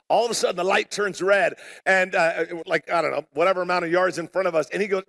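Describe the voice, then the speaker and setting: Gravelly high-voiced pastor telling a story. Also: male voice, quick pace, hardly any pauses. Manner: animated, conversational, self-deprecating humor; calls out to the congregation for responses. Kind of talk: storytelling sermon. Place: church sanctuary before a live congregation.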